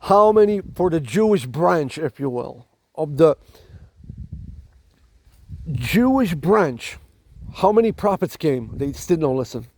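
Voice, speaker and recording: A man's voice: a little high, very animated, slow, pauses often, darkish tone. A man with a non-native accent, giving a dramatic, preachy spiritual monologue to camera, with emphatic repetition and restarts. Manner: dramatic, preachy, repeats "my galactic family". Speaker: spiritual channel host.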